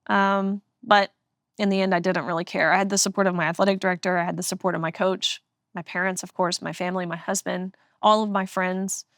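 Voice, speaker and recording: A woman's voice: fairly low pitch, flat delivery, a little fast, fairly bright tone, no echo, studio quality. A woman in her twenties, an interview guest, telling a personal story in an earnest, emphatic way.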